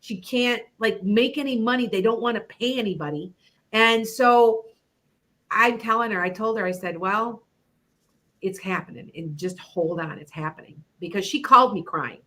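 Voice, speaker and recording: Talking casually about her psychic predictions, a middle-aged internet radio host rambles and laughs a lot. She speaks at normal speed in a mid-range voice with a fairly bright tone.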